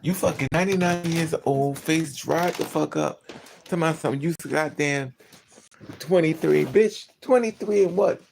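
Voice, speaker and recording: A woman's voice: low voice, unhurried, creaky, noisy background. A woman vlogger telling stories in a casual, profane, gossipy monologue and often laughing between remarks.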